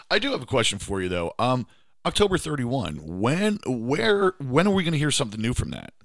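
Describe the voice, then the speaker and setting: A man hosting a casual podcast interview, asking questions and giving short, relaxed replies. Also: medium pitch, normal speed, no room sound, studio quality. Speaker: podcast host.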